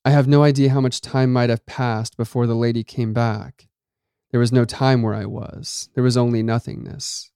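A man narrating a first-person story in a measured, dramatic reading. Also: mid-range voice, level tone, warm tone, smooth, no echo, clean studio sound.

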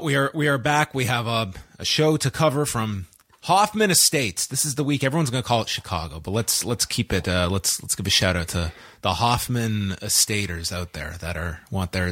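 A man's voice: sits low, normal speed, a bit bright, no echo. A man co-hosting a live wrestling recap podcast in casual chat, rambling and restarting his phrases.

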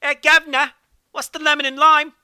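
A man's voice: very high-pitched, little pitch movement, brisk, sharp tone, dry recording, clean studio sound, voice pushed up, exaggerated voice. A man putting on a mock Cockney accent to play a cheery bloke chatting with a friend. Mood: jokey. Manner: exaggerated Cockney imitation.

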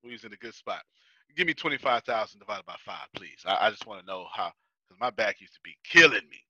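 A man's voice: fairly low pitch, expressive, quick pace, bright, forceful tone, husky, no echo, muffled recording. A man teaching a business class in a chatty, casual way, laughing often and repeating himself. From United States. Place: Houston.

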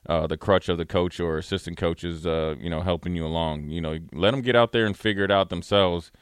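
A man's voice: low voice, fairly even intonation, a little fast, clear, resonant tone, dry recording, clean studio sound. A man who once played the game, co-hosting a sports talk show in a rambling, filler-heavy way. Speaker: sports radio co-host, former player.

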